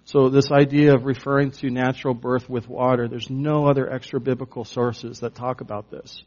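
A man's voice: mid-range voice, flat delivery, moderate pace, darkish tone. A man delivers a teaching sermon in an easy, conversational tone. He leans hard on key words and scatters fillers as he explains. The audio sounds a little dull. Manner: conversational, emphatic, many fillers. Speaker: pastor.

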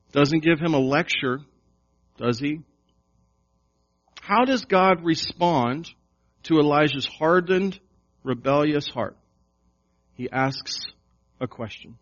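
A male pastor delivers a sermon at an unhurried, deliberate pace, driving his points home with repeated questions. His voice sits a little high for a man. The recording is dull and lo-fi. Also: a bit bright. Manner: slow, emphatic preaching with repeated questions. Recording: dull lo-fi sound.

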